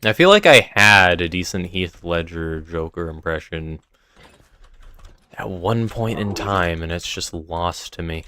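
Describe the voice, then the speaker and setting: A young man with a very deep, low voice, chatting loosely to his stream while he plays. His throat sounds sore, and he rambles from one thought to the next into a desk mic. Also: animated, unhurried, bright, forceful tone. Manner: rambling, talks to chat between game tasks. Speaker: live streamer. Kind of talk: casual live-stream chat while gaming. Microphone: desk mic with noise gate.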